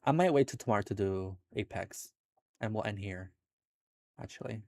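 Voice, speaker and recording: Laid-back young man, low dry voice. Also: normal speed, creaky, a little mellow, no echo. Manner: laid-back, swears casually, laughs often. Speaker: streamer. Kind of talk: casual chat with live viewers.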